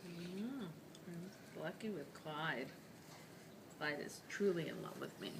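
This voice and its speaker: Low-voiced older woman, dry teasing. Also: lively intonation, slow, vocal fry, noisy background. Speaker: friend visited at home.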